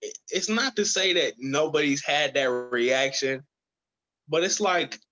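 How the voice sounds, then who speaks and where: Slow, bright-toned male podcast co-host. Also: on the high side, lo-fi sound. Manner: deliberate, emphatic, repeats points for stress. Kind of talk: casual chat about movies.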